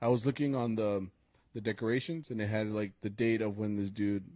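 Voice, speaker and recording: A man's voice: lowish voice, fairly even intonation, brisk, a little mellow, no echo. Laughing, rambling young man storyteller. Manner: laughing storyteller, heavy "like" fillers, mixes in Spanish slang. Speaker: podcast co-host and mariachi musician. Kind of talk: casual chat at a live podcast taping.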